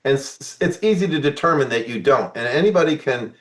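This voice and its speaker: A man's voice: medium pitch, fast talker. An older man, a former math teacher, chatting casually about politics and acting out quotes as he tells stories. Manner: animated storytelling with acted-out quotes. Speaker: guest.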